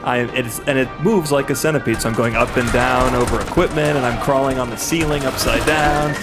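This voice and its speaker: Man, tabletop player, quick and playful, mid pitch. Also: fairly even intonation, music in the background. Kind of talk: tabletop role-play narration.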